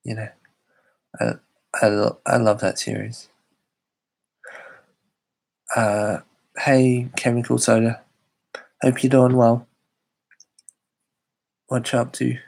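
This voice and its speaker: Young Aussie male streamer, husky and low-energy, slow hesitant chat. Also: flat delivery, darkish tone. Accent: Australian. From Australia. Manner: rambling, hesitant, many fillers. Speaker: live streamer. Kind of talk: casual live stream chat.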